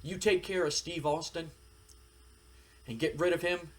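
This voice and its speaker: A man's voice: a little high, fairly even intonation, a little slow, pitched above the performer's own voice, natural voice. A man voicing a scheming, middle-aged male wrestling boss who bargains and placates. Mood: bargaining.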